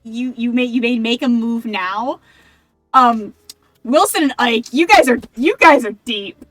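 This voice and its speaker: A woman's voice: fairly high pitch, measured pace, a bit bright, dry recording, soft background music. A woman running a tabletop game as game master, rambling with many restarts.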